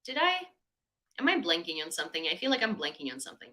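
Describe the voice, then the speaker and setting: A woman's voice: fairly low pitch, big pitch swings, fast, sharp tone, low-quality recording. A young woman from Ukraine, hosting a casual livestream in a chatty way, with many fillers and sarcastic asides. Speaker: livestream host. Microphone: desk mic.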